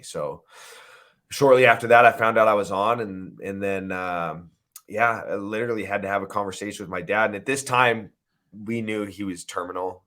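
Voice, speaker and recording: A man in his thirties, an interview guest, telling a painful personal story in a halting, emotional way with many restarts. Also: on the low side, a bit bright.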